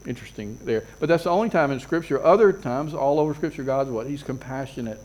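A man's voice: medium pitch, fast talker, darkish tone, rough recording. A middle-aged man preaching a conversational sermon, asking rhetorical questions and restarting phrases. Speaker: pastor.

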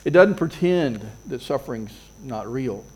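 A man's voice: medium pitch, animated, a little slow, slightly rough, low-quality recording. A middle-aged man preaching a conversational sermon, asking rhetorical questions and restarting phrases. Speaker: pastor.

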